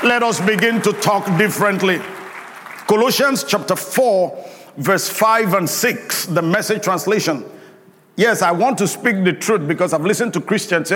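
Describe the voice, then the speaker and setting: A man's voice: high voice, moderate pace, a bit bright, a faint crowd. A man preaching a sermon with emphatic, call-and-response delivery, drawing out key words. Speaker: pastor. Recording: long hall reverb.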